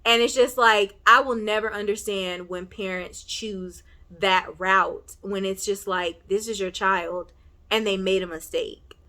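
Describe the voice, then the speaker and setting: A woman casually recapping and reviewing a TV episode, chatty and full of fillers like "you know", with animated outbursts. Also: medium pitch, a little slow. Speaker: TV recap vlogger.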